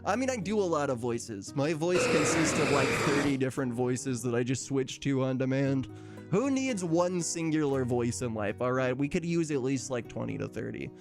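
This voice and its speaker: A man's voice: mid-range voice, lively intonation, moderate pace, music in the background. A man streaming casually, chatting with his viewers, laughing often and reading out their messages. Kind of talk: casual live-stream chat.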